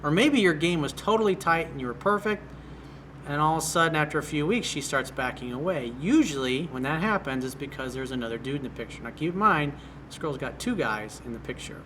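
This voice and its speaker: Dating coach, male, bright and punchy tone, slightly high voice, talks bluntly. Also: lively intonation, a little fast, slight background noise. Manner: blunt, direct. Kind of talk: commenting on a viewer's email.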